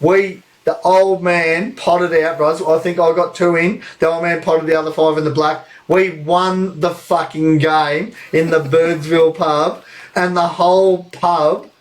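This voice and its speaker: An Australian man in his young adult years tells a story on a live podcast. He is animated and swears freely, laughing between lines, and his voice sits a little higher than most men's. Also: measured pace, rough recording. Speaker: podcast co-host.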